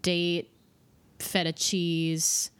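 A woman hosting a podcast interview, upbeat and enthusiastic as she asks quick questions. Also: on the low side, monotone, clear, resonant tone. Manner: bubbly, enthusiastic. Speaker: podcast host.

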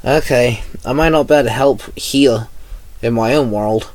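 A man's voice: medium pitch, normal speed, darkish tone, dry recording, natural voice. A man reading a grumpy reluctant young hero. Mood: irritable. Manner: irritable, snappy. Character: reluctant young man, grumbling chosen avatar.

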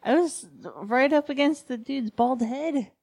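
A woman's voice: high voice, measured pace, vocal fry, a little mellow. A woman co-hosting a podcast, chatting casually, laughing often and adding dry asides. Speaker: podcast co-host. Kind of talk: casual chat.

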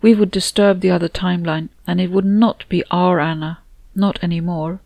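A woman reading a warm, motherly woman in an audiobook, who speaks gently and soothingly to a grieving friend. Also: lowish voice, steady tone, moderate pace, vocal fry, dry recording. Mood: comforting.

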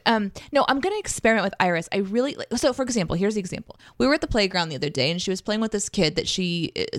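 Woman in her thirties, co-host, animated and foul-mouthed teller of stories, dry close sound. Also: fairly low pitch, no echo. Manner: animated storyteller, swears freely, acts out voices. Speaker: podcast co-host. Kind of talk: casual chat.

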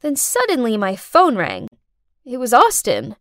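A woman narrates her own story with expressive, dramatic flair. Her voice is high and moves lively up and down. The recording is close and dry, with no room sound. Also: unhurried, no echo. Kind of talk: first-person story narration.

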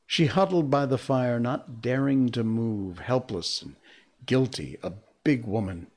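A man reading a storybook aloud as narrator, measured and expressive. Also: medium pitch.

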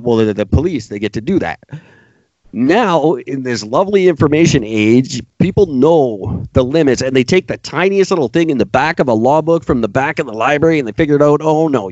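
A man's voice: medium pitch, a little mellow, no echo, highs cut off. A man co-hosting a casual podcast, ranting sarcastically and mocking people in put-on voices. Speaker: podcast co-host.

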